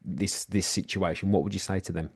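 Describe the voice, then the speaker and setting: A podcast host with a low voice, chatting in a casual interview. He chimes in with quick affirmations and winds his way through loose, rambling questions, recorded close and dry. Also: steady tone, a little mellow, husky, dry recording.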